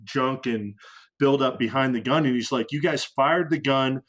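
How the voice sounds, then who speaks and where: Middle aged guy on a podcast telling old fighter jet war stories, average pitch, lots of restarts and swearing, gets loud doing the radio calls. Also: normal speed. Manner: animated storyteller who acts out radio calls with sudden loud raised lines; frequent restarts and fillers, profane casual military slang. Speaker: podcast guest, former fighter aircrew. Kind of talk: casual storytelling interview.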